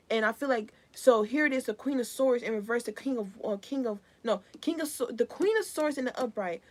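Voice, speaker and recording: Woman, young adult, tarot reader, slangy, rambling, restarts, higher voice. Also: lively intonation, brisk, few pauses. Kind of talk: live collective tarot reading.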